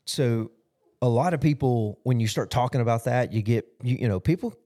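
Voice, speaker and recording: Here a man, a pastor, talks fairly quickly in a mid-range voice with a dark tone. He's recapping his sermon on a podcast in a loose, rambling way, full of "you know."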